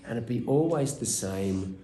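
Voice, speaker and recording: A man with an Australian accent, an actor telling casual behind-the-scenes anecdotes to fans at a convention meet-and-greet, animated and full of restarts. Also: mid-range voice, a little slow. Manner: animated storyteller, acts out quotes, many restarts. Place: small room at a fan convention. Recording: echoey room.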